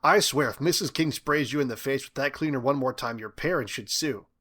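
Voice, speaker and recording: A level-headed teenage boy who pokes holes in his friend's theories, as a man reads him in an audiobook. He speaks in a dry, reasoning way. The voice is bright. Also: medium pitch, a little fast, lightly acted.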